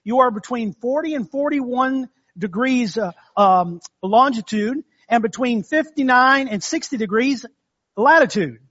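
A man's voice: very high voice, expressive, a little slow, a bit bright, muffled recording, heavily acted. A man voicing a dry, matter-of-fact woman engineer in a read-aloud joke, who teases the man above her. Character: dry know-it-all woman engineer on the ground.

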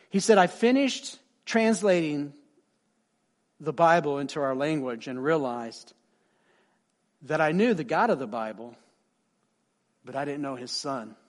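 A man preaching a sermon, telling a story with lively voices for the people he quotes and dropping soft and quiet for emphasis. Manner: animated, acts out quoted people with big pitch swings. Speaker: pastor.

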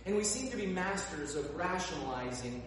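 A male pastor preaches with lively, storytelling energy, acting out the people in his tale. His slightly high voice is heard from a distance, ringing through a large, reverberant hall with a faint background hum. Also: moderate pace. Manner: animated storytelling, acts out characters. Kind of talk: sermon. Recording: echoey hall, voice from far off.

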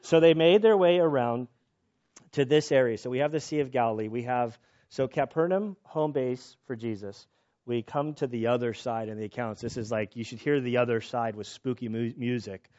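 A man preaching a sermon in a casual, animated way, joking about himself and often restarting his sentences. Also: medium pitch, moderate pace. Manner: casual, animated, self-deprecating jokes, many restarts. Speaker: pastor. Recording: slightly dull lo-fi sound.

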